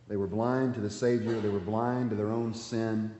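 A man's voice: fairly low pitch, fairly even intonation, fairly quick, few pauses, slight background noise. Male preacher, emphatic sermon delivery, captured muffled with long hall reverb. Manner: emphatic preaching, swinging from loud to hushed. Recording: dull, echoey hall sound.

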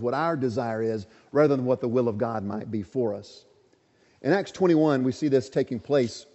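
A man preaching an earnest, emphatic sermon and asking the congregation questions. His voice is mellow and dark. The recording is dull with a long reverb. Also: mid-range voice. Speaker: pastor.

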